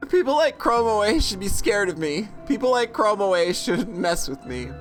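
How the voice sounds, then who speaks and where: A woman's voice: mid-range voice, big pitch swings, moderate pace, soft background music. A woman playing through a game and reading its story aloud, giggling and swearing, with crow caws thrown in. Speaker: let's play host.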